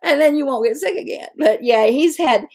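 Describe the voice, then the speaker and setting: A woman's voice: high-pitched, animated, normal speed, darkish tone. A middle-aged woman, hosting a casual livestream, chatting and answering viewer comments. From West Virginia, USA. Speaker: livestream host.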